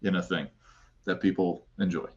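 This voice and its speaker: A man with a fairly low voice rambles casually as a podcast guest, trailing off and restarting his sentences. His tone is playful and easygoing. The recording sounds a little muffled and lo-fi. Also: fairly even intonation, normal speed. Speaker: guest, content creator.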